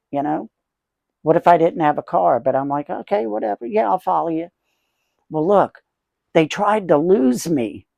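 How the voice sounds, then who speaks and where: A man's voice: high voice, creaky, darkish tone, no room sound. A man in his sixties telling rambling, chuckling anecdotes as the host of a casual collector vlog.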